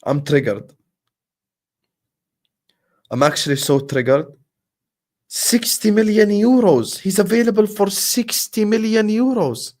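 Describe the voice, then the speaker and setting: A man's voice: sits high, lively intonation, unhurried, long pauses, darkish tone. A young man hosting a football live stream, ranting in exasperation, repeating himself and swearing.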